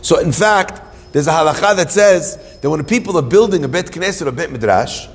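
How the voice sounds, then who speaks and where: A middle-aged man, a rabbi, giving an animated sermon to a live audience. He tells stories, asks and answers his own questions, and mixes in Hebrew terms. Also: a little high, brisk. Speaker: rabbi teaching Torah. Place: hall with an audience. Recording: long reverb of a hall.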